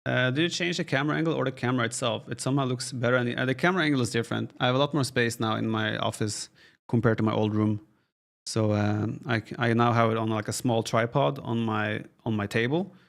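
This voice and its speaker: Gravelly-voiced man casting a game stream. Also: medium pitch, quick pace. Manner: relaxed, thinks aloud, reads chat questions aloud. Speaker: esports caster and streamer. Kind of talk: casual live-stream game commentary. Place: home office.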